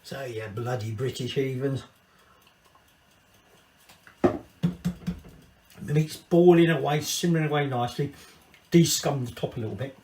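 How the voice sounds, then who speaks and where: Guy cooking and rambling, swears a lot, slow talker, far off mic, echoey kitchen. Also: medium pitch, darkish tone. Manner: rambling, swearing, tipsy asides. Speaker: cooking channel host. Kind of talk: casual cooking vlog. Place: home kitchen. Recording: echoey room, distant mic, faint kitchen noise. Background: clatter of pots and cutlery.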